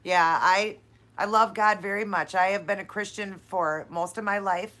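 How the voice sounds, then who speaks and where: A woman answers her viewers live in an effusive, heartfelt way, cheering them on and calling them "you guys" and "honey." Her pitch sits mid-range for a woman, and her delivery is casual chat. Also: steady tone, moderate pace, a bit bright. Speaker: channel host answering live viewer questions.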